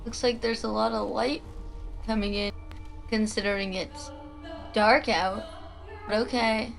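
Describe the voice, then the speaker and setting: A woman's voice: medium pitch, fairly even intonation, measured pace, gravelly, faint music behind. An eighteen-year-old woman vlogging her reaction to a movie in casual chat, rambling with lots of "like"s and frequent laughs. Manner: chatty and rambling, laughs often, many "like"s.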